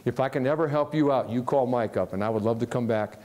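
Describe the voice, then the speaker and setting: A man from Ohio giving a live motivational talk to an audience, animated and jokey, often putting questions to the crowd. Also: mid-range voice, fast talker. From Ohio, USA. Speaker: motivational speaker. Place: large hall with a live audience.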